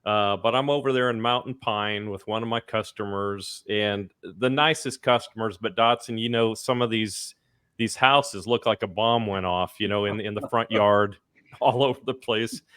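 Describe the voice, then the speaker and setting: A man's voice: fairly low pitch, moderate pace, fairly bright tone, smooth, dry recording, clean studio sound. A man hosting a podcast, telling a story in a rambling, chatty way. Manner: rambling, chatty, many fillers and restarts. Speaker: podcast host. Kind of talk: casual storytelling.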